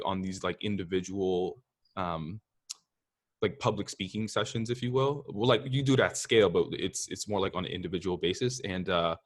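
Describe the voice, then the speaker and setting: A man hosting a podcast interview, speaking in a halting way with many restarts and frequent use of "like". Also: deep voice. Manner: halting, many fillers and restarts, uses "like" a lot. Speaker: podcast host. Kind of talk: casual interview talk.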